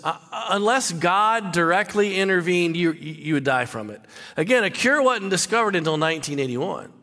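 A man's voice: high-pitched, sharp tone. A man preaching a sermon, emphatic, repeating and stumbling over words as he stresses his points. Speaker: pastor. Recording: long hall reverb.

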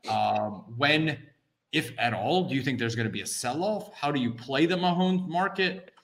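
A man's voice: medium pitch, moderate pace, creaky. A sniffly man with a cold, his voice rising and falling widely. He co-hosts a sports card podcast and teases his partner while steering the talk back on track. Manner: animated, teasing, steering the talk. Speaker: podcast co-host. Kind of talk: casual sports chat.

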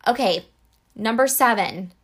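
A woman with a fairly high voice talks straight to the camera in a relaxed, conversational way. She is earnest and explains her points with everyday examples. She fills pauses with small fillers as she goes. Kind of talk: casual talk to camera.

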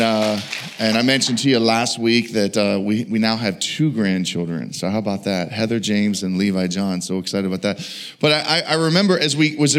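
A man's voice: lowish voice, a bit bright. A man in his fifties, an evangelist telling stories with humor while preaching a sermon in a church. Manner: storytelling, folksy and humorous.

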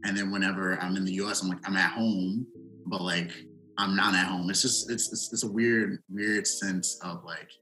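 A young man, a podcast guest, talking in a relaxed, reflective way with lots of fillers. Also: deep voice, moderate pace, soft background music, poor audio. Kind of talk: casual chat.

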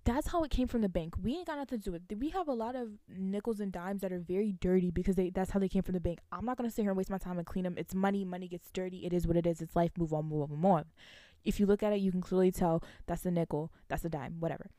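A young woman, a college student, venting to her viewers in casual storytime chat, animated and laughing between lines. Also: fairly low pitch, quick pace, no echo, clean studio sound. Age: young adult.

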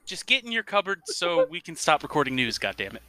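A man's voice: a little high, wildly swooping pitch, quick pace, sharp tone. A man co-hosting a casual gaming podcast, rambling a bit and correcting himself as he goes. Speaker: podcast co-host.

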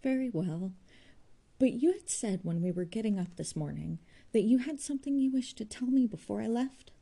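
A woman's voice: a little high, expressive, normal speed, vocal fry, mellow, voice pushed up. A woman reading aloud voices a weary, bitter young man who speaks in a tense, clipped way. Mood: troubled.

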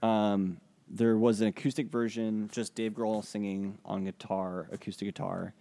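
A man's voice: on the low side, level tone, normal speed, vocal fry, warm tone. A man co-hosting a podcast, talking casually and hesitantly with many fillers. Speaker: podcast co-host. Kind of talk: casual chat.

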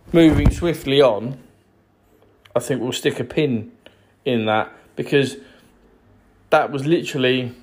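English man, unhurried sarcastic rant, exasperated asides. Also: medium pitch, darkish tone. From England. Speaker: vlogger. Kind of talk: ranting to camera.

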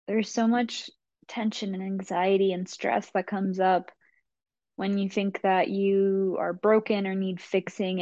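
A woman podcast host speaking in a calm, reflective, affirming way. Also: mid-range voice, no room sound, highs cut off. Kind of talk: casual podcast conversation.

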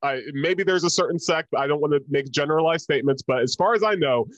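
A man's voice: a little high, quick pace, no echo, highs cut off. A young adult man co-hosting a podcast, chatting casually with blunt, opinionated jokes. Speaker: podcast co-host. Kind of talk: casual rewatch podcast chat.

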